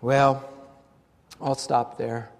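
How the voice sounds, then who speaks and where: A man preaching a sermon, reading aloud from an old devotional text with fervent swells on the high exclamations. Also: level tone, extremely slow, a little hiss or hum. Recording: long reverb of a large hall.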